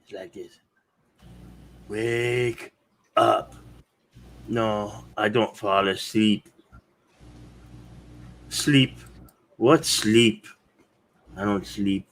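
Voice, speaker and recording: A man's voice: fairly low pitch, fairly even intonation, drawn-out words, long pauses, a bit bright. A man hosting a casual chat, playful and goofy, slipping into silly voices and quotes. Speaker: stream host.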